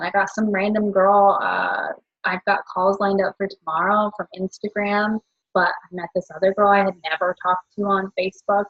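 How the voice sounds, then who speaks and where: A woman's voice: mid-range voice, lo-fi sound. A woman talking casually about her business, chatty and full of fillers, often breaking into laughter. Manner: chatty, filler-heavy, self-correcting. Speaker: network marketer.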